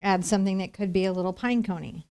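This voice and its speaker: A woman teaching acrylic painting on a live stream, explaining each step in a chatty, relaxed way. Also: medium pitch, quick pace, clean tone.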